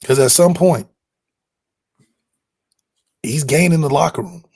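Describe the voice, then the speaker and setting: A man hosting a casual sports talk show, speaking in a fairly high voice. He is emphatic and animated, using slang as he argues his points. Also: slow pace, gravelly, husky. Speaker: sports podcast host.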